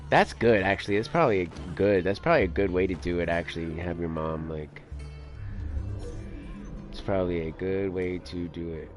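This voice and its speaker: A man's voice: deep voice, moderate pace, music in the background. A man streaming a game, telling rambling stories between play, filler-heavy and casual. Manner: rambling storyteller, lots of "like" and "dude". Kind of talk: casual let's play commentary.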